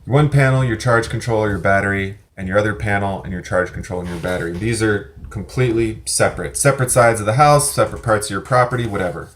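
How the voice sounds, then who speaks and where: Rambling low-voiced man in echoey room. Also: fast, hardly any pauses, a bit bright, slight background noise. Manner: rambling, self-correcting, casual swearing. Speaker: prepper channel host. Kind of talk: casual explanatory video reply. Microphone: desk mic with some feedback.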